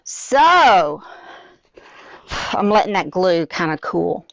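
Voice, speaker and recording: A woman's voice: on the low side, sing-song, slow, dry recording. A middle-aged woman hosting a live craft demonstration, chatting directly to her viewers and slightly out of breath. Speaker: craft tutorial host.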